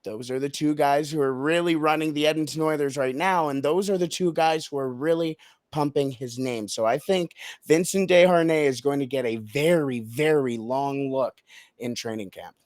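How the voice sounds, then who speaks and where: A man talking hockey as a podcast guest, animated and laughing often, building to points with dramatic pauses. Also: fairly high pitch, no room sound, clean studio sound. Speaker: podcast guest, team analyst. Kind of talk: casual sports podcast chat.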